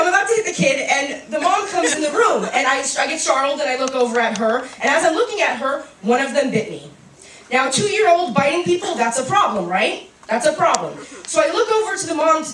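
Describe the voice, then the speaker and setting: A young woman performing stand-up comedy on a club stage, brash, profane and animated. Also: sits high. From United States. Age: young adult. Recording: roomy club, distant mic, faint noise.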